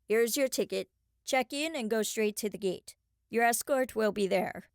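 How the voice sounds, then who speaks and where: A woman's voice: a little high, normal speed, clean tone, no echo, clean studio sound, lightly acted. A woman voicing a polite, composed male chauffeur with a slight foreign accent in an audiobook. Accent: slight unplaced foreign accent. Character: calm mysterious male chauffeur.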